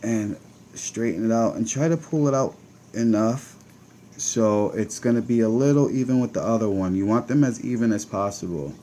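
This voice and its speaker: A man with a Connecticut accent chats his way through a hands-on demo, talking straight to his viewers as he works. His voice sits on the low side. A faint hiss runs under the recording. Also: normal speed, dark tone. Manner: chatty, talks to viewers while working. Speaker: vape channel host.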